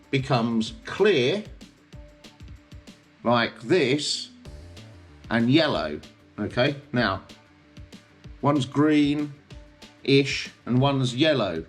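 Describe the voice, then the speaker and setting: A man's voice: medium pitch, expressive, drawn-out words, pauses often, soft background music. A man with a British accent hosting a casual explainer, talking in a chatty way and often checking in with the listener. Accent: British English. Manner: chatty, checks in with tag questions like okay and yeah. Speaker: host.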